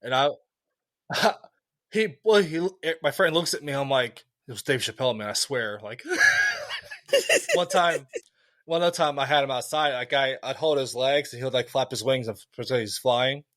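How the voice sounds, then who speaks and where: Man, podcast co-host, casual chat, rambling anecdotes, filler-heavy, mid pitch, dry close audio. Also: wildly swooping pitch, unhurried, pushed and bright, no room sound.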